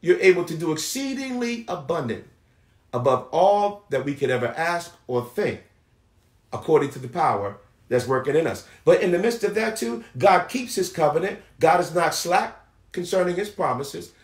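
A male pastor preaching a fervent sermon, drawing out scripture words slowly for emphasis. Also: fairly high pitch, animated, echoey room. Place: church sanctuary.

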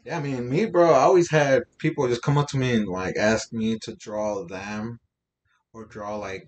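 Young dude guesting on a podcast, mid-pitch voice, says bro and like a lot, super relaxed. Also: male voice, normal speed, slight background noise. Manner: easygoing, slangy, lots of filler words and swearing. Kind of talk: casual chat.

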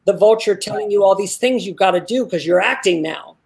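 A man's voice: high voice, fairly quick. A man teaching an acting workshop, giving feedback and explaining a technique step by step over a video call. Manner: emphatic, explains step by step with repetition. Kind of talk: live workshop coaching.

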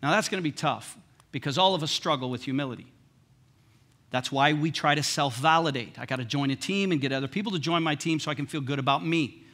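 A man preaching a sermon as pastor in a church, in a conversational, humorous way that swings between hushed lines and emphatic ones. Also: on the high side, quick pace. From United States. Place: church sanctuary.

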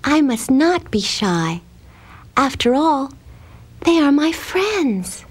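A woman voicing a shy, dreamy little girl who talks softly and hesitantly in a storybook reading. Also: sits high, big pitch swings, takes it slowly, pitched above the performer's own voice, full character voice. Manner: soft, timid and hesitant.

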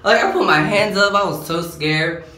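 A man's voice: high voice, normal speed, sharp tone. An eighteen-year-old man telling a storytime in a rambling, slangy way, filling his talk with "like". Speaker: vlogger. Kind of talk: casual storytime chat. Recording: roomy echo, faint background hum.

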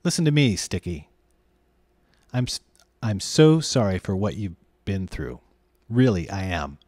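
A man reading aloud, voicing a kind, steady young boy who speaks with earnest conviction. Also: low voice, a little slow, no room sound, studio quality. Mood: reassuring.

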